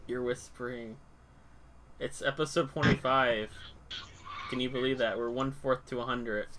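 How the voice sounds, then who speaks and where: A man's voice: medium pitch, steady tone, normal speed, fairly bright tone, slight background noise. A man hosting a podcast in casual chat, teasing and pushing his co-hosts along. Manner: teasing, bossy. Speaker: podcast host.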